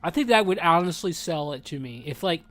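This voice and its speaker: A slightly high-voiced man streaming a game, chatting in an easygoing, rambling way. He gets animated as he talks and eats as he goes, so some words come out with his mouth full. Faint game music plays underneath. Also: brisk. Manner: rambling, animated, says dude a lot; talking with mouth full while eating. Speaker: gaming streamer. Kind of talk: casual gameplay chat.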